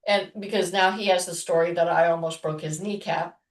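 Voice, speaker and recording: A woman co-hosting a podcast, telling a personal story in a loose, rambling way with many restarts and soft murmurs. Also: lowish voice, fairly even intonation, fairly quick, reverberant, far from the mic, a little hiss or hum. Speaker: podcast co-host. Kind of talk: casual chat, personal storytelling.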